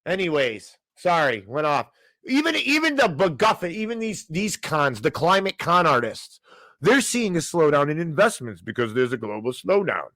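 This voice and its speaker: A man's voice: a little high, very animated, normal speed, sharp tone, dry recording. Ranting man hosting a finance show. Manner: heated ranting, frequent restarts and apologies. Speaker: podcast host.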